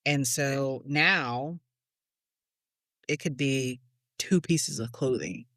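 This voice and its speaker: A woman's voice: very deep voice, very slow, a bit bright, no echo, clean studio sound. A woman co-hosting a casual parenting chat, telling stories about her kids and laughing often. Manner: chatty storyteller, laughs often. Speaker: podcast co-host, mother.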